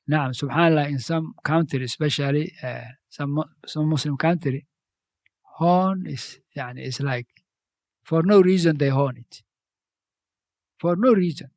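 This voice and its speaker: A man's voice: on the high side, darkish tone, no echo. Preaching man, second-language English. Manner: conversational, repeats phrases, non-native grammar. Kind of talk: sermon.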